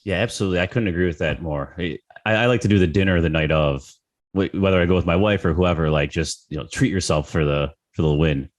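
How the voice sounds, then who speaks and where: Slightly hoarse podcast host. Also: male voice, sits low, fast. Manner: relaxed, stammers and repeats words. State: slightly hoarse, lost voice a little. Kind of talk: casual podcast chat.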